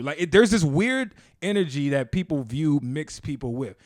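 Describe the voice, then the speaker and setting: A man co-hosting a casual podcast, talking animatedly and jumping into raised voices when he quotes people. His voice sits fairly high. The sound is dry and close, with no room echo. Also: expressive, normal speed, few pauses. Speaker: podcast co-host. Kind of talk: casual debate chat.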